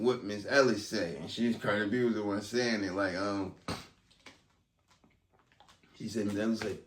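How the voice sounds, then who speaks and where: A man recapping events in a loose, conversational vlog, with lots of ums. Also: lowish voice. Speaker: vlogger recapping a court trial. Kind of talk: casual commentary. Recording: roomy sound, distant from mic.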